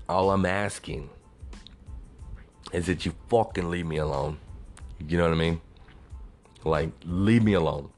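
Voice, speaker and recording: A young man from Texas, ranting bluntly and profanely in a casual venting monologue. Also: low-pitched. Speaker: vlogger.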